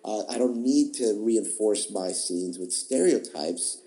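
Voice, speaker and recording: A man's voice: lowish voice, animated, slow, warm tone, low-quality recording. A man, an improv teacher, answering interview questions in a thoughtful, explanatory way, often restarting and repeating words. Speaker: improv teacher, podcast guest.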